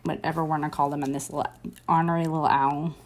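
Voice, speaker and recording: A woman's voice: sits low, little pitch movement, quick pace. Chatty woman teaching a drawing lesson. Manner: chatty and encouraging, thinks aloud while sketching. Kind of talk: casual drawing tutorial.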